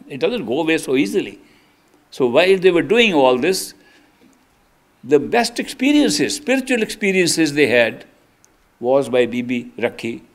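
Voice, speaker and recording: An older man giving an earnest sermon as a spiritual teacher, telling stories with emphatic restarts. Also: on the high side. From India. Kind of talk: storytelling sermon.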